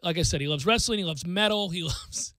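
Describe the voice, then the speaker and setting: Brief: male talk radio host, fairly high pitch, dry close studio sound, animated talker who leans on emphasis. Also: a little fast, no room sound. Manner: animated, emphatic, rocks away from the mic. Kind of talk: casual sports talk radio banter. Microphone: studio microphone.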